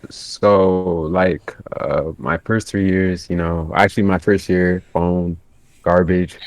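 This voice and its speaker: Man, very low voice, casual podcast chat, laid-back, filler-heavy. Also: fairly even intonation, takes it slowly, no echo. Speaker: podcast guest editor.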